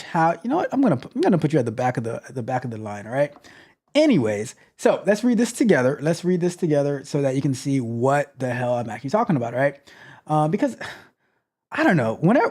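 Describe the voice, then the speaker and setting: A man's voice: mid-range voice, a little mellow, husky. A man hosting a tech livestream who reads chat aloud in a theatrical, sarcastic way, full of playful mock outrage. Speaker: host.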